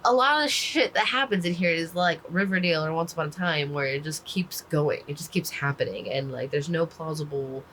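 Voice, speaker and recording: A woman's voice: sits low, a little fast, hardly any pauses, a bit bright, slight background noise, rough recording. A woman casually recapping a book, rambling with lots of "like" fillers and the odd swear word. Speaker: book reviewer.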